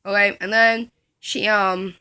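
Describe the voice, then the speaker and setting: A woman's voice: medium pitch, level tone, takes it slowly, sharp tone, smooth. A woman telling a comic story from her school days, rambling along and giggling at her own jokes.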